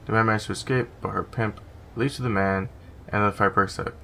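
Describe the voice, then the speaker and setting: Bright-voiced, profane gaming commentator. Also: male voice, lowish voice, fairly even intonation, brisk, gravelly, a little hiss or hum. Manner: profane, reads game text aloud, sarcastic asides. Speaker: gaming YouTuber.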